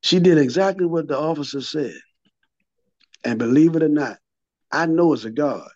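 Man telling a story, higher voice, stammering restarts, dull dry lo-fi sound. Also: normal speed, a little mellow, no echo. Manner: vivid storyteller, repeats words and restarts, acts out quotes. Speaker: guest telling his recovery story. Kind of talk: storytelling interview.

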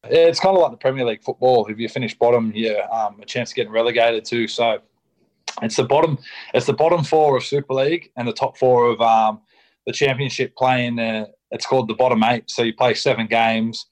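A man's voice: medium pitch, fairly quick, a little mellow, rough recording. A young Australian man, a rugby league player, talking candidly as a podcast guest, casual and blunt, with lots of ums, restarts and swearing. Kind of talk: candid interview chat.

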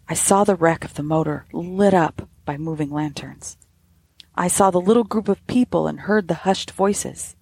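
Gravelly-voiced woman reading a ghost story. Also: lowish voice, a little mellow. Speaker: podcast host and storyteller.

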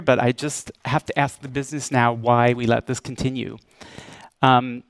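A man's voice: medium pitch, dry recording. A man, a casting director, giving a speech and telling a personal story, acting out the lines of people in it. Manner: storytelling, acting out quoted exchanges. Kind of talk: public speech. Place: event stage.

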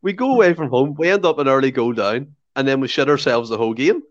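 A man's voice: medium pitch, fast talker, highs cut off. A man chatting as a podcast guest, blunt and swearing freely. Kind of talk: casual chat.

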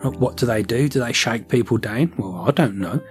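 A man co-hosting a podcast, chatting casually and rambling, with quick switches as he acts out lines from a story. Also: medium pitch, soft background music. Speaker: podcast co-host. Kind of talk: casual chat.

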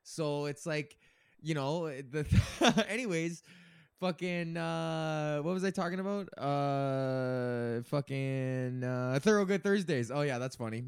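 A man's voice: on the high side, slow, clear, resonant tone, no room sound, studio quality. A man of thirty, hosting his own podcast, rambles through a casual chat full of swearing and loose asides. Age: 30s. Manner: profane, meandering, laughs often. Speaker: podcast host.

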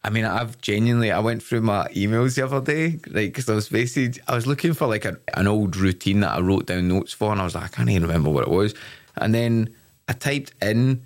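Young Glaswegian comic guesting on a podcast, lowish voice, bursts into little voices for his anecdotes. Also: brisk. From Scotland. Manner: animated storyteller, acts out quotes. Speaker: stand-up comedian guest. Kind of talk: casual podcast chat.

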